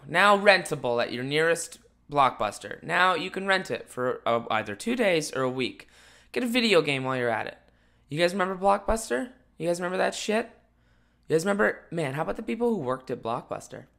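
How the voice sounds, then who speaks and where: Young male podcast host, morning voice, bright tone, rambling comic rants. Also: on the high side, sing-song, brisk, vocal fry. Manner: rambling, jokey, swings between loud rants and mumbled asides. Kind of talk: casual solo podcast chat.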